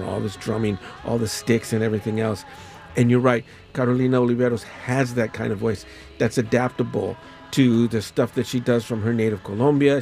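Gravelly, husky male radio host. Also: mid-range voice, darkish tone. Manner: enthusiastic, rambling, self-correcting. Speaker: radio music show host. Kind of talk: casual radio chat about music.

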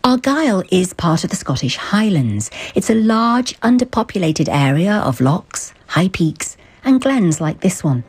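A woman presenter introduces and interviews with an expressive, swinging pitch. Her voice is a little husky and sits on the low side. She moves between scripted narration and questions. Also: a little slow, few pauses. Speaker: radio presenter.

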